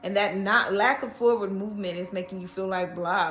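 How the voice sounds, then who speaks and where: A woman's voice: mid-range voice, a little fast, few pauses, a bit bright, roomy sound, faint music behind. Chatty woman reading tarot cards. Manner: chatty, reassuring, with frequent "okay?". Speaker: tarot reader.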